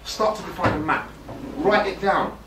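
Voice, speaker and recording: A man in his 40s, a motivational speaker, gives a playful, direct talk to a youth forum audience in an event hall, joking and putting on slangy voices. His voice sits high at a moderate pace, and he's far from the mic in an echoey, noisy hall with a live audience.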